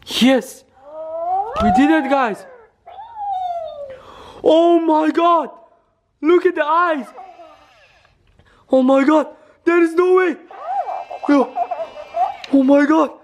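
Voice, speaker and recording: A man's voice: extremely high pitch, very slow, pauses often, noisy background. A young man acting out a scripted horror skit for his vlog, panicking and repeating his exclamations. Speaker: vlogger.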